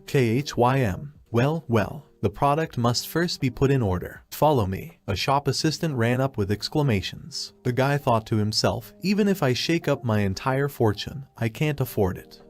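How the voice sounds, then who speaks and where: A man reading a comic recap as narration, voicing every character's lines in the same flat reading voice. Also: medium pitch.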